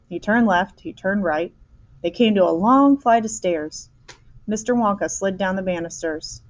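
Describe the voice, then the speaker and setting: A woman reading a children's chapter book aloud, lively, with small slips and restarts. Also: mid-range voice, moderate pace. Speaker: storyteller.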